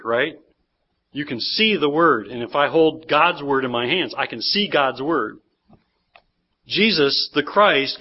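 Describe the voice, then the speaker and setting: A man's voice: a little high, slightly rough. Preaching man, dull lo-fi recording. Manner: animated, acts out quoted voices. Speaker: pastor. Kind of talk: sermon. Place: church sanctuary.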